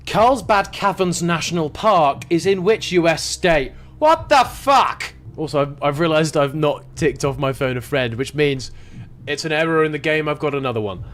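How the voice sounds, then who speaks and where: A young man commentating casually on a live game stream, jokey, excitable and swearing freely. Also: fairly high pitch, moderate pace.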